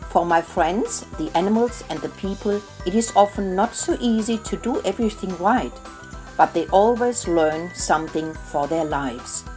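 A middle-aged woman telling a children's story in a gentle, unhurried way. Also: lowish voice, soft background music.

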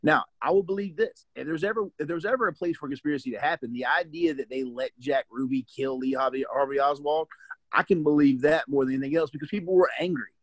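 A man's voice: fairly high pitch, fast, dry recording. A middle-aged man with a Southern US accent, co-hosting a casual podcast chat and making his points emphatically with many restarts. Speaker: podcast co-host.

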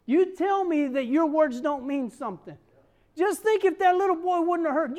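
A woman in her fifties preaching a sermon, animated and acting out the voices she quotes. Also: sits high, moderate pace. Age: 50s.

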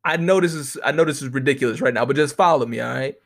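A man's voice: medium pitch, quick pace, gravelly. An American man doing a comedic monologue, telling rambling stories and ranting with constant profanity. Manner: profane, animated, rambling storytelling.

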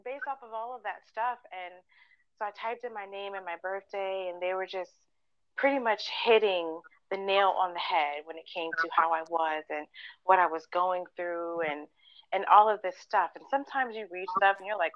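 A woman's voice: medium pitch, steady tone, normal speed, no echo, highs cut off. A woman co-hosting a podcast, telling personal stories in casual chat, earnest and full of fillers, acting out what people said. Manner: earnest storytelling, many fillers and acted-out quotes. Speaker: podcast co-host.

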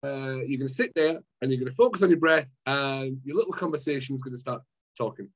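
A man's voice: medium pitch, fast talker, highs cut off. A Scottish man, a mind management coach, chatting as a guest and acting out scenes from his own story. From Scotland. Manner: animated storyteller acting out his past self. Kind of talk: casual chat.

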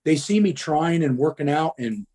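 A man's voice: on the high side, lively intonation, moderate pace, mellow, husky. Blunt, profane middle-aged man. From Midwest US. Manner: blunt, profane, frequent ums. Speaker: guest. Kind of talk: casual storytelling.

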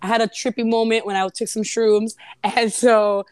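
A woman in casual chat, telling a story in an animated way and acting out the quotes. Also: fairly high pitch, moderate pace, clean tone, dry recording.

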